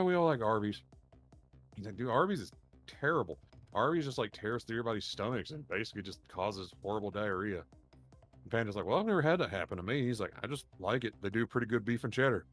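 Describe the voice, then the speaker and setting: A man's voice: fairly low pitch, animated, fast talker, fairly bright tone, faint music behind. Rambling man telling stories. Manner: rambling, profane, laughs while telling stories. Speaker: podcast co-host. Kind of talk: casual storytelling chat.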